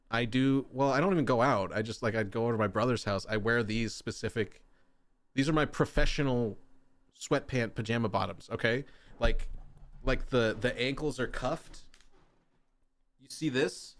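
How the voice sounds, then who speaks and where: A man's voice: normal speed, dry recording. Young male streamer, loose and jokey, rambling chat between game moments. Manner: rambling, jokey, answers chat, bursts into high shouting. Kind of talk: casual gaming livestream chat.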